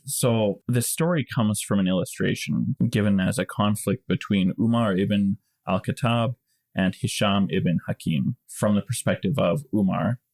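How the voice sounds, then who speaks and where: A man with a low, gravelly voice co-hosts a casual podcast. He explains things at length and in detail, stumbling on a word now and then. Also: unhurried. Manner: explains at length with small restarts and soft laughs. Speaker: podcast co-host.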